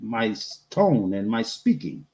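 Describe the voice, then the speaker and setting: A man with a Boston accent in casual chat as co-host, ranting in an animated way and repeating his words. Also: on the low side, a little slow, low-quality recording.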